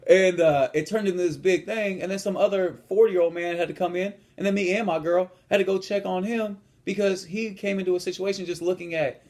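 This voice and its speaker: Young male coach, brash and profane, telling gym stories in a relaxed vlog. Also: high-pitched, brisk, hardly any pauses. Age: young adult. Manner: blunt, profane, swaggering. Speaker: fitness and lifestyle coach. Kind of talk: casual vlog rant with storytelling.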